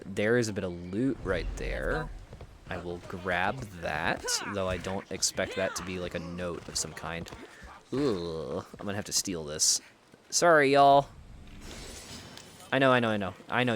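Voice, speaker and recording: Deep-voiced and fairly bright in tone, an American man streams a video game and chats with his viewers. He thinks aloud, rambles, puts himself down, and restarts often, with a little hiss or hum in the recording.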